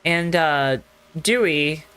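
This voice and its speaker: In the commentary booth, a man hosts live sim racing coverage, playful and chatty as he addresses viewers directly. His voice is on the high side and bright, forceful, clear and resonant, though he speaks extremely slowly.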